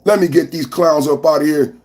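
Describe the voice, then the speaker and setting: A man with a high, lifted voice hosts a live political podcast stream. He talks loudly at the chat, repeats phrases over and over and slips into sing-song chants. It sounds like a desk microphone in a home studio. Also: fairly quick. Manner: loud, repetitive, sing-song ranting at the chat. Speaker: podcast host.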